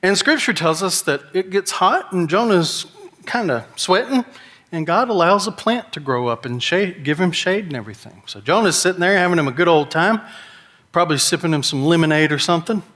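A middle-aged man delivers a sermon. He tells the story in a folksy, conversational way and slips into whiny voices for the characters. His voice sits a little higher than most men's. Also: animated, brisk, fairly bright tone, big-room sound. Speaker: pastor.

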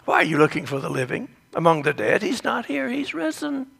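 A man's voice: on the high side, very animated, fairly quick, vocal fry, fairly bright tone, slightly rough, heavily acted. A man voicing an angel at an empty tomb who urgently asks questions.

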